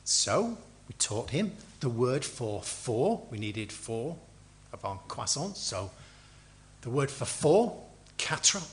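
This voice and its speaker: Lively middle-aged preacher telling stories. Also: male voice, medium pitch, slow pace. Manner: storytelling with acted quotes and dry humor. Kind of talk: sermon.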